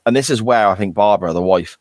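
A man co-hosting a podcast, joking and animated as he talks about an episode, with loud laughing asides. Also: lowish voice, fast talker, no echo, studio quality. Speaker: podcast co-host. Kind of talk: casual chat about a TV episode.

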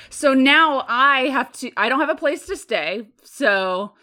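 A woman's voice: high voice, expressive, slow pace, bright, forceful tone. A woman teacher co-hosting a podcast in casual chat, exasperated and laughing as she vents. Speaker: podcast co-host.

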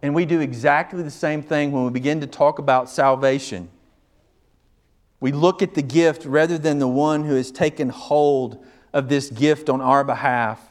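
A man preaching a sermon as pastor, emphatic, repeating his phrases and swinging from hushed to forceful. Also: fairly high pitch, fairly even intonation, moderate pace.

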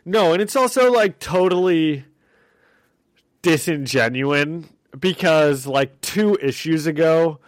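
A man's voice: fairly high pitch, animated, takes it slowly, dry recording. A man co-hosting a podcast, chatting casually and rambling with many fillers and "like"s. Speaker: podcast co-host. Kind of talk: casual chat.

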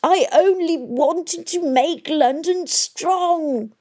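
A woman voicing a panicked old male engineer who wails in a high, strained voice. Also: very slow, a little mellow, exaggerated voice. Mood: sobbing.

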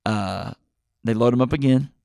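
A middle-aged man hosting a podcast, retelling a movie plot in a rambling, excitable way with many fillers and restarts. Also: medium pitch, moderate pace, vocal fry, no echo, clean studio sound. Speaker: podcast host. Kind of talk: casual movie podcast chat.

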